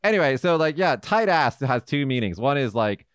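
A man co-hosting a casual talk show, explaining slang with lively storytelling and quoted voices. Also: mid-range voice, moderate pace, clear, resonant tone, dry recording, studio quality. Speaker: podcast co-host, English teacher.

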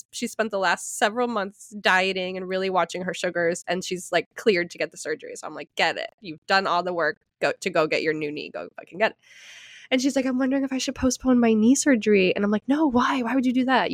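A woman in her thirties co-hosting a podcast, telling a story in casual chat, animated, swearing freely, often laughing. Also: medium pitch, no echo, studio quality. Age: 30s. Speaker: podcast co-host.

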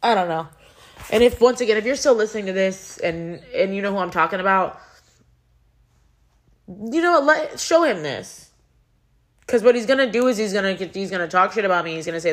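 A young woman vents about a hurtful relationship in a personal vlog. She talks in a heated, frustrated rush, swearing freely and rambling with restarts and lots of "like." Her voice sits at an ordinary middle pitch. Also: a little fast. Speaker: vlogger.

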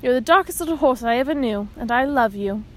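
A woman's voice: on the high side, animated, fairly quick. Storybook mother, read by a woman, gushing and proud. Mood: tender. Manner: tender, gushing.

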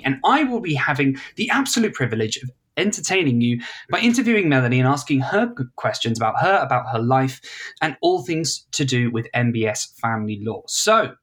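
A man's voice: on the high side, fairly bright tone. Playful man hosting a podcast. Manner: playful, bouncy delivery. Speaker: podcast guest host. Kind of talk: casual podcast chat.

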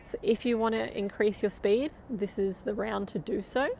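Aussie lady coaching an interval run, mid pitched, upbeat, bit of faint outdoor hum. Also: fairly even intonation, normal speed, gravelly, darkish tone. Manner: upbeat, encouraging, counts down. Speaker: running coach.

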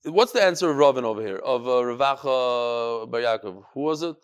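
A man teaching a Talmud class, explaining the text in an animated way, calling on students and reading Aramaic phrases in a singsong. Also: mid-range voice, brisk, clear, resonant tone. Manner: animated, switches between English and chanted Aramaic phrases, calls on students. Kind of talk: lively classroom Gemara lesson.

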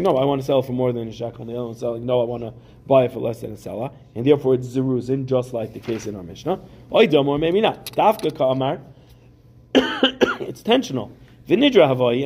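A man teaching a Talmud class, his voice gravelly and mellow with a dark, relaxed tone. He reads the Aramaic text and then explains it in casual English with everyday examples for his students in a classroom. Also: mid-range voice, slight background noise.

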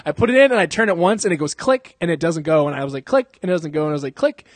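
A young man telling a long story in casual chat, animated and full of swearing and laughter. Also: on the high side, racing, no room sound.

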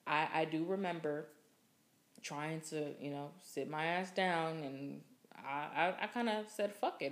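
A young woman hosting a podcast, telling a story in a casual, profane, laughing way. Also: on the low side. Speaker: podcast host.

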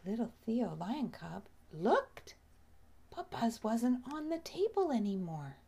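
A woman reading a children's story aloud slowly and expressively, often dropping to a soft whisper. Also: on the high side, sing-song, creaky, breathy edge.

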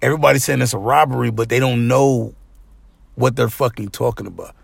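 A man's voice: medium pitch, steady tone, fairly quick, vocal fry, husky, no echo. A man hosting a podcast, trading laughing, profane banter about boxing. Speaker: podcast host. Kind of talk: casual chat.

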